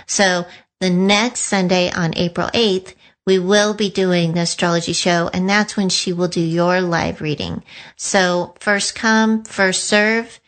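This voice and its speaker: A woman hosting a radio talk show, announcing in a chatty, relaxed way. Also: mid-range voice.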